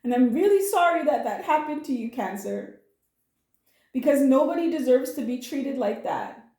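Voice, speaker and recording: A woman's voice: high voice, animated, moderate pace, mellow, echoey room. A woman giving a casual spoken tarot reading, earnest and comforting, emotional at times and blunt with slang. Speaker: tarot reader.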